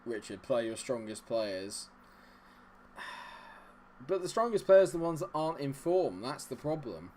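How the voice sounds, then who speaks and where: A young adult man hosting a live gameplay stream, chatting with viewers and cheering loudly at the game. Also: mid-range voice, sing-song, measured pace, long pauses, slight background noise. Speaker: gaming livestream host. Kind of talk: live gameplay commentary and chat reading.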